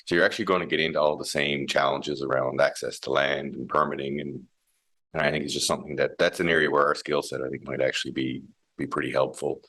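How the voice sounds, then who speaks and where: Very deep-voiced man, bright tone. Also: steady tone, fast. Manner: thoughtful, frequent restarts and fillers. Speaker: mining company CEO, interview guest. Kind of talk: conversational interview.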